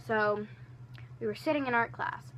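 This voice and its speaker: A teenage girl telling rambling, animated school stories in a casual storytime vlog, with lots of fillers and restarts. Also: on the high side, normal speed, slight background noise. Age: teens. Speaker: storytime vlogger.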